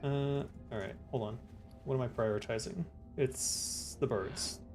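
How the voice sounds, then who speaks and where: A man streaming a game live, chatting casually and answering his chat in a relaxed way. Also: medium pitch, a little slow, faint music behind.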